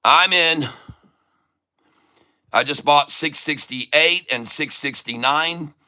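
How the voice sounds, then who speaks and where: A man hosting a live day-trading stream from home, talking loudly and joking as he reads out his buy and sell numbers. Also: on the high side, slow pace. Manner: loud, chatty, jokey. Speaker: host.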